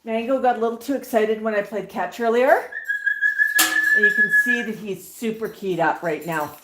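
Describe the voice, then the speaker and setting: A woman's voice: mid-range voice, normal speed. A woman playing catch with her pet birds and talking to them in doting baby talk. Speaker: pet parrot owner. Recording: echoey room with clear noise.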